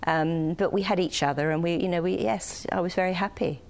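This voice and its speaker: An older woman from the United Kingdom, a guest on a TV interview, speaking softly and hesitantly with many pauses. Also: on the low side, gravelly. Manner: soft-spoken, hesitant with many ums.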